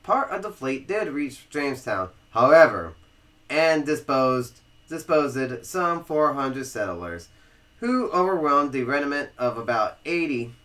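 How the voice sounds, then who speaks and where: A man's voice: medium pitch, sing-song, a little slow, a bit bright. A man with a Southern American accent, co-hosting a podcast and reading history aloud, stumbling over words and restarting as he goes. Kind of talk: casual read-aloud with banter.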